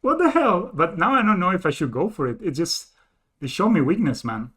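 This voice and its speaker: Streaming a card game, this man speaks a little fast in a fairly high, husky voice. He thinks aloud, counting his plays and muttering, then breaks into excited laughter of disbelief as he commentates live.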